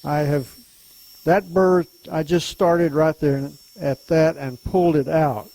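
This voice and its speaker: Older Southern man, unhurried folksy demonstrator, a bit high-pitched. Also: fairly even intonation, mellow, no room sound, poor audio. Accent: Southern US, softened. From Louisiana, US. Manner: unhurried, folksy, chuckles often. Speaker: woodturning club demonstrator. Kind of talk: casual demonstration talk.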